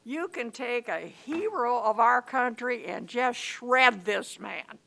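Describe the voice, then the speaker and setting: Indignant woman commenter, high, bright, scolding tone. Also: lively intonation, takes it slowly, creaky. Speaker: public commenter. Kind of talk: public comment at a county meeting.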